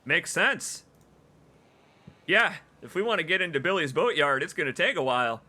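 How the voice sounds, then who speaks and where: A man streaming a video game, commenting excitedly and emotionally, gushing and laughing often. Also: fairly high pitch, moderate pace. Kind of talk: let's play commentary.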